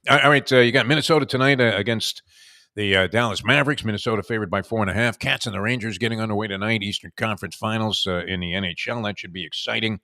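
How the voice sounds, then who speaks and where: Man, sports talk host, lower voice, bright tone, rambling with filler pauses, dry close sound. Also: no room sound.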